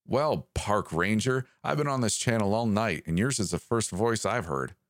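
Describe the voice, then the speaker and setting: A man voicing a creature calling over the radio, pleading at first and then taunting and menacing, with a raspy edge. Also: fairly low pitch, expressive, moderate pace, dry recording, pitched above the performer's own voice. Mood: suspicious.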